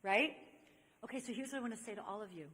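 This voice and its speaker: A woman's voice: on the high side, quick pace, fairly bright tone. A woman from Saint Louis giving an inspirational talk to a live audience. She tells stories animatedly and speaks straight to the crowd. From Saint Louis, USA. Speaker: speaker on chastity. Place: large convention hall. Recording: echoey hall reverb.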